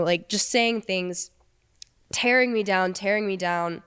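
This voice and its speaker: A young woman in an interview telling a painful personal story in a halting, emotional way, with many restarts. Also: mid-range voice, fairly bright tone, clear, resonant tone. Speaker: interview guest.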